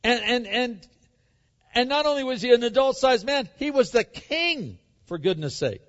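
A male pastor preaching a sermon, emphatic and animated, acting out the story as he reads it. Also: extremely high pitch, normal speed. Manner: animated, emphatic, acts out the scripture. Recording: echoey hall, dull sound.

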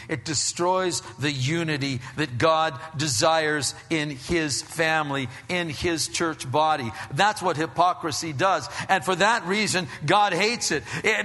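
A male pastor giving a sermon in a church, animated and conversational, often restarting his phrases. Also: fairly high pitch, creaky, big-room sound.

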